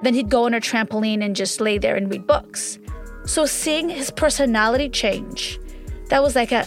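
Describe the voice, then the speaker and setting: A woman's voice: fairly high pitch, normal speed, soft background music. A mother in a casual interview, telling her story animatedly, acting out quotes with lots of fillers. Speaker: interviewee, parent.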